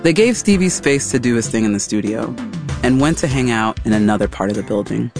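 Measured male documentary narrator. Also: medium pitch, lively intonation, over music. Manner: measured, dramatic storytelling delivery.

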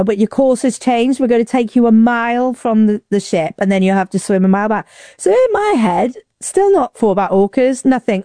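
A woman from Wales recounts a story in casual conversation, jumping high in pitch whenever she acts out what people said. Her voice is mellow and warm, recorded close and dry with no room sound. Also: no echo. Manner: lively, acts out quotes with big pitch jumps. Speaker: interview guest.

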